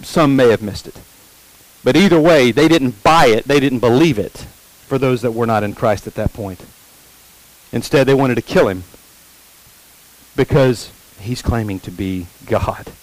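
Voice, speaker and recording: A male pastor preaching a sermon, repeating key phrases slowly for emphasis and putting questions to the congregation. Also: on the low side, no echo, low-quality recording.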